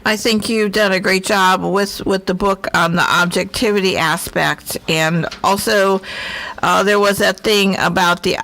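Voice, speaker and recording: A man co-hosting a radio interview, halting and often repeating words. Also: sits high, steady tone, gravelly, sharp tone, dry recording, poor audio. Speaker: radio co-host.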